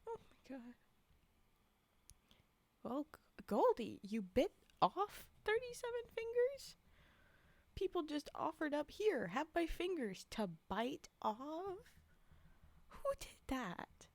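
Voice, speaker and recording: A woman's voice: high voice, sing-song, slow pace, long pauses, dry recording. A young woman streamer chatting with her live chat, giggling and sleepy, reacting in exasperated disbelief. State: yawning, sleepy. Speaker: streamer reading stories to chat.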